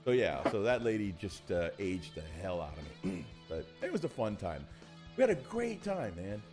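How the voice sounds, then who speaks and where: A man co-hosting a hobby livestream, telling a story in an animated, chatty way. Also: normal speed, over music. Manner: animated storytelling, jumps between high and low. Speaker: livestream co-host. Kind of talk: casual chat.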